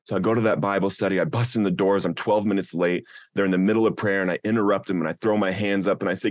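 Man, lowish voice, earnest personal testimony, dry close recording. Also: fairly even intonation, quick pace, hardly any pauses, no room sound. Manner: earnest, emotional storytelling. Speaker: speaker sharing a recovery testimony.

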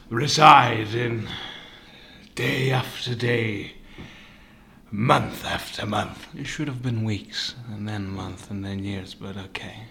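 A man hosting a podcast on his own from his living room, rambling and swearing, jumping between loud bursts and hushed asides. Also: mid-range voice. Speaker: podcast host. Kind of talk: casual rant.

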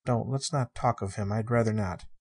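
A man reading the part of a shy, wondering sixteen-year-old girl, in a soft, earnest and innocent way. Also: lowish voice, moderate pace, breathy edge. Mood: wistful.

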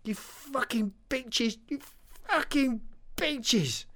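A man's voice: high voice, measured pace, a little mellow, pitched above the performer's own voice. A man putting on a terrified young man's scream. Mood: panicked. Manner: panicked, stammering, screaming.

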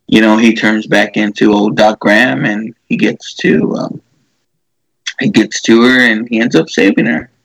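A man's voice: lowish voice, creaky, a bit bright, no echo, poor audio. A man casually retelling a movie scene, rambling with many fillers and restarts.

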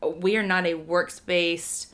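Earnest Texan woman, bright voice. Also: on the low side, steady tone, slow pace. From Texas. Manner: warm, emotional, earnest. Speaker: guest writer. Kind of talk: casual podcast interview.

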